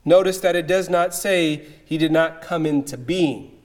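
High-voiced man preaching slowly. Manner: emphatic, measured, with dramatic pauses. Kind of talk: expository sermon.

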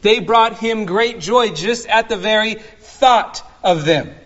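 A man preaching an expository sermon as pastor, slow and earnest, dwelling on single words. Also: high voice, fairly bright tone, muffled recording.

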